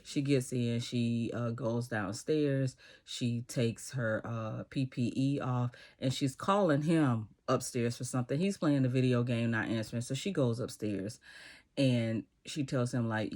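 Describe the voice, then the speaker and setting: A man's voice: medium pitch, a little slow. Man animatedly recapping a TV episode. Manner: animated retelling, acting out characters' lines.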